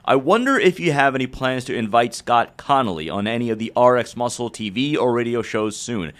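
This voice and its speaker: A man's voice: mid-range voice, animated, brisk, a bit bright. A man co-hosting a live show, reading viewer questions aloud carefully and adding light asides.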